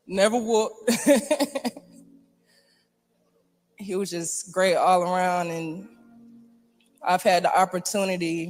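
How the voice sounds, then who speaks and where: A man giving a heartfelt eulogy at a memorial, reminiscing in halting phrases with sighs and soft laughs. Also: high voice. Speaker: family friend giving a eulogy.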